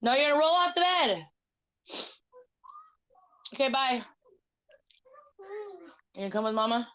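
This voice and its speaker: A woman's voice: high voice, animated, a little slow, highs cut off. A woman livestreaming in casual chat, talking bluntly with lots of swearing and mocking remarks.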